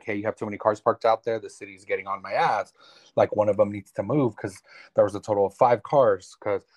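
A man in his thirties, a guest telling a personal story candidly and profanely, acting out what others said. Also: fairly low pitch. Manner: candid, profane, quotes others in lively retellings. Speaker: interview guest. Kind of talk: casual storytelling.

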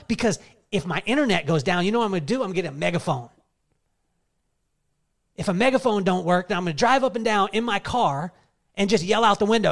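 A man's voice: high-pitched, expressive, fast, creaky, pauses often. A middle-aged man giving an emphatic, story-driven motivational speech at a live summit. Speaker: keynote speaker.

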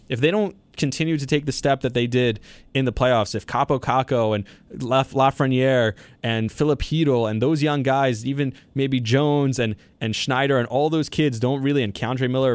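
A man's voice: mid-range voice, no echo. A young man hosting a solo sports podcast, talking through his opinions in long run-on thoughts with fillers. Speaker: podcast host.

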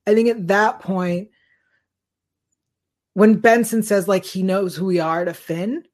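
A woman co-hosts a podcast, working through her points in a casual fan recap. Her medium-pitched voice is steady, unhurried and slightly mellow. She's chatty and reasoned, building her arguments with filler words.

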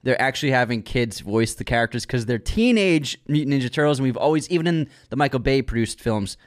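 A man's voice: mid-range voice, expressive, fast talker. A man co-hosting a movie news podcast, reading out news items and bantering playfully when teased. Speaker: podcast co-host. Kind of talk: casual movie news chat.

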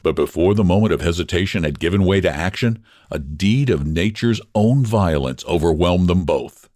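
Deep-voiced man reading a story. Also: no room sound, clean studio sound. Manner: expressive, measured narration.

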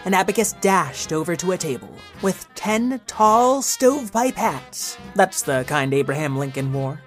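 A man narrating a children's story in a playful, animated way, with jokey asides. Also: sits high, a little slow, soft background music.

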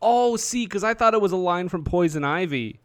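A man's voice: high-pitched, lively intonation, moderate pace, clean tone. A man from Canada, co-hosting a podcast in casual chat with jokey quips. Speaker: podcast co-host.

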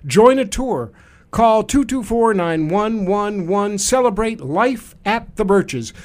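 A man's voice: high voice, animated, slow pace, a little mellow. A man hosting a talk radio show, telling stories in a casual, sarcastic, joking way. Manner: sarcastic, jokey storytelling.

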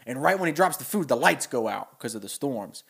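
A young man co-hosting a podcast, excitedly pitching a story with animated storytelling. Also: creaky, slightly rough. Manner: animated storytelling, quick voice switches. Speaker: podcast co-host. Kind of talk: casual chat, pitching a story.

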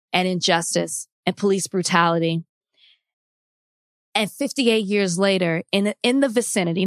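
A woman's voice: fairly low pitch, dry recording, clean studio sound. A woman co-hosting a casual discussion, speaking with passion and earnestness and laughing easily.

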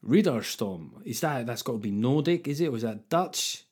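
A man's voice: medium pitch, expressive, normal speed, darkish tone, breathy edge. A middle-aged man hosting a solo comedy podcast, wry and sweary, riffing with jokey asides. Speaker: podcast host.

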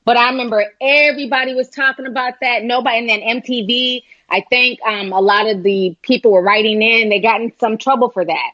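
A woman hosts a live call-in stream in a loose, chatty way, tossing in "honey" as she talks to callers. Her voice sits a little high. The sound is dry and slightly dull, like lo-fi stream audio. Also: a little fast, hardly any pauses, bright, forceful tone, dry recording. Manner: chatty, calls listeners honey. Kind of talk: casual live call-in chat.

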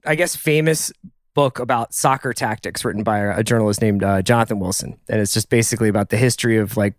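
A man's voice: fairly low pitch, fast talker, no echo, studio quality. A man hosting a podcast, talking casually and thinking aloud through a discussion of a TV episode. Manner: chatty, thinks aloud with restarts and asides. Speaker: podcast host. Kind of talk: casual pop-culture discussion.

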